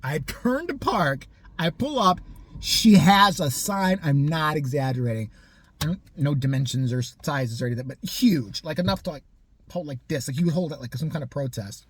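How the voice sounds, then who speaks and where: A man's voice: on the high side, lively intonation, moderate pace, breathy edge, dry recording. A man telling a profane, sarcastic story about his neighbor in a casual rant. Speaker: vlogger.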